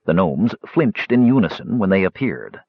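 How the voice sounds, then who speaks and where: A man narrates a fantasy audiobook in a low, slightly husky voice with a lively, expressive pitch range. He reads scripted prose and shifts into character voices for the dialogue. The recording is dry and dull, like lo-fi. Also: normal speed, dry recording. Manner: expressive, voicing characters in quotes.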